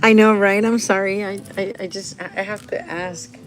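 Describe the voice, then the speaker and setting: A woman's voice: medium pitch, steady tone, normal speed, soft background music. A woman vlogger talking casually and rambling, with frequent restarts, laughing often and dropping in Spanish phrases, in a restaurant. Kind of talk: casual vlog chat.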